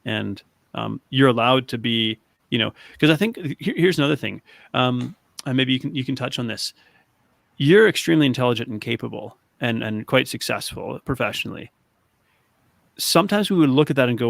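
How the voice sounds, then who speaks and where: A man's voice: medium pitch, lively intonation, fairly quick, vocal fry, no room sound. A man hosting a podcast, speaking thoughtfully, with many restarts and affirmations. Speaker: podcast host. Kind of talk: reflective interview chat.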